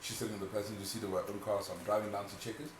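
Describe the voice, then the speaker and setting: Lively, quick-talking man in an echoey room. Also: on the low side. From South Africa. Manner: animated storyteller, acts out quotes, swears. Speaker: podcast co-host. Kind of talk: casual chat. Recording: echoey room, mic at a distance, noisy.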